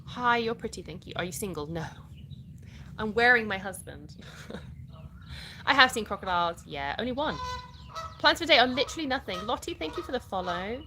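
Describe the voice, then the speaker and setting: A woman's voice: on the high side, expressive, normal speed, pauses often, bright, forceful tone, a little hiss or hum. A middle-aged British woman from the UK, chatting casually on a live stream, reading and answering viewers' comments and laughing often. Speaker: livestream host.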